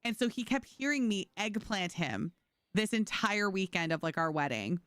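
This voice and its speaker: A woman's voice: mid-range voice, animated, normal speed, a bit bright, clean tone, no room sound, studio quality. A woman streamer chatting casually with her viewers while playing, telling stories and laughing often. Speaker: game streamer. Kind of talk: casual livestream chat.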